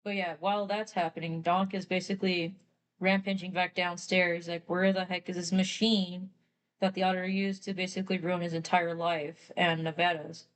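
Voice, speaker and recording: A woman's voice: on the low side, level tone, normal speed, rough recording. A young woman artist chatting casually while drawing on stream, rambling through a story with lots of fillers.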